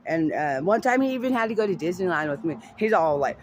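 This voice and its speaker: A man's voice: high-pitched, very animated, fast talker, a little hiss or hum. A man telling a heated personal family story, rambling and profane, full of fillers and restarts.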